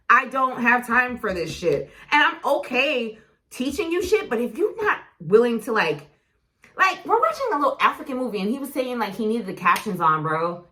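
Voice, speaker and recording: A woman in her thirties from New York, co-hosting a podcast, telling stories in a blunt, profane, animated way. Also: on the high side. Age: 30s. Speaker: podcast guest co-host. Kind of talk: casual chat.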